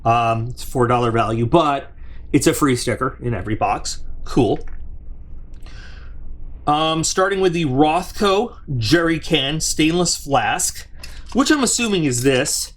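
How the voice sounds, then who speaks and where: A man's voice: fairly high pitch, expressive, a little slow. A man hosting a casual unboxing review, rambling and chatty, with plenty of restarts and side remarks, talking straight to his viewers. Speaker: product reviewer and channel host.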